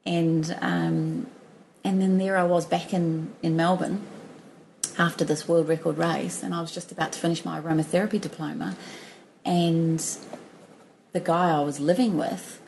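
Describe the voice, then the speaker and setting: Low gravelly woman telling a story. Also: steady tone, normal speed, a little hiss or hum, rough recording. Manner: warm, laughing, many restarts and fillers. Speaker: podcast guest. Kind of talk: storytelling in a conversational interview.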